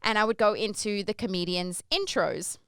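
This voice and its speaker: A young Australian woman talks through a story at her own pace, rambling a little and full of asides. Her voice is very smooth and resonant, with no room sound around it. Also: medium pitch, moderate pace, no echo. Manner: chatty, rambling, lively when acting out her stage intros. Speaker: podcast host. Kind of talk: casual storytelling.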